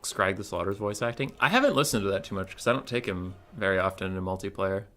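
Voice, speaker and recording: Young male tournament caster, bright tone, loose joking delivery with casual swearing. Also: deep voice, lively intonation, quick pace. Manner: rambling, joking, swears freely. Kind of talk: casual game commentary.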